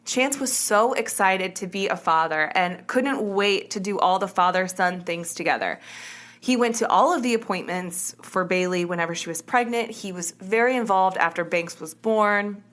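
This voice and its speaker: Woman, podcast host, casual true crime storytelling, chatty, self-correcting, mid pitch. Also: normal speed, a bit bright.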